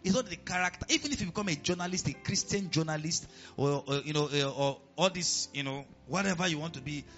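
A man with a Nigerian accent preaching a sermon as pastor, animated and often asking the congregation questions. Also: a little high, quick pace, muffled recording, faint music behind.

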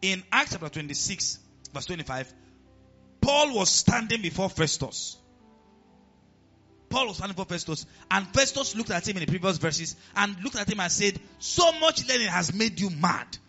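A man with a Nigerian accent preaching a sermon as pastor, animated and often asking the congregation questions. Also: sits high, moderate pace, highs cut off, faint music behind.

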